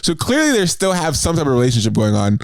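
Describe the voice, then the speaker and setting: A man in his thirties, a podcast co-host, telling a story in casual, animated, profane chat. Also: a little high, fast, creaky, dry recording. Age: 30s.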